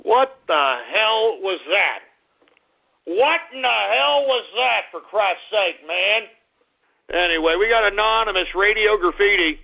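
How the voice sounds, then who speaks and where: A man hosting a call-in radio show, ranting loudly and cursing whenever he gets angry. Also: high voice, lively intonation, measured pace, gravelly, noisy background. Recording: lo-fi phone-like radio audio.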